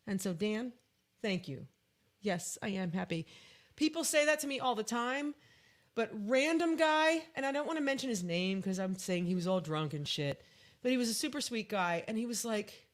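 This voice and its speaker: A woman's voice: a little high, animated, moderate pace. Chatty woman in her fifties. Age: 50s. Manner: chatty storyteller, acts out quotes. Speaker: podcast co-host and musician. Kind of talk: casual live podcast chat.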